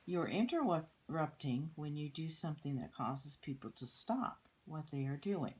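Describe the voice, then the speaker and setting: An older woman reading a children's picture book aloud, soft-spoken and often slipping into a whisper. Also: low voice, animated, measured pace, a little hiss or hum, poor audio.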